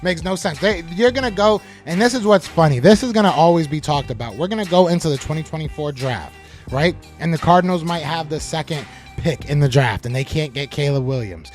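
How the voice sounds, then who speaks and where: A man hosting a live sports podcast, reading chat comments aloud and answering them with animated trash talk. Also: a little high, brisk, soft background music.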